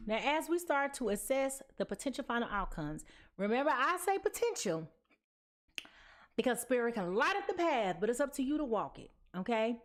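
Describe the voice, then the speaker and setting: A woman's voice: fairly high pitch, very animated, moderate pace. A sleepy woman giving a casual tarot card reading, chatty and sassy, tossing in slang and pet names. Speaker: tarot reader.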